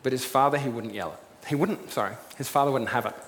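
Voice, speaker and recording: A man gives a sermon in an easy conversational way, retelling a story with lively asides. His voice carries a long reverb from the room, and faint background noise sits underneath it. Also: medium pitch, fast talker. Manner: animated storytelling, acting out the figures' lines in the story. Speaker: pastor.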